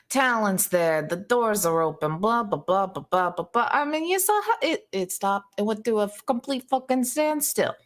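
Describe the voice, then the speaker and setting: A woman voicing an aging male mob boss in a tabletop game, with a put-on mobster accent and a folksy, schmoozing drawl. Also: lowish voice.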